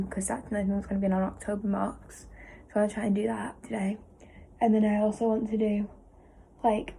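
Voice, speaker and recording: A woman's voice: medium pitch, gravelly, dark tone. A teenage girl chatting casually in a study-with-me vlog from her bedroom, rambling with lots of fillers. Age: teens. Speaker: vlogger. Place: bedroom at home. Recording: noisy home video recording.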